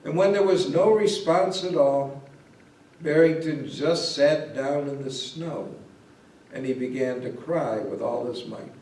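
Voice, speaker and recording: Male pastor, storybook reader, slow pace; distant mic, roomy echo. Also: mid-range voice, a little mellow, slight background noise. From Ohio, USA. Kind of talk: reading a Christmas story aloud. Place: church or parish hall.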